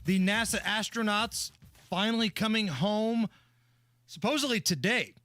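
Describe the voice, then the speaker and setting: A man's voice: high-pitched, animated, a little slow, bright, forceful tone, soft background music. A man co-hosting a talk radio show, teasing his partner in casual banter. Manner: teasing, playful build-up.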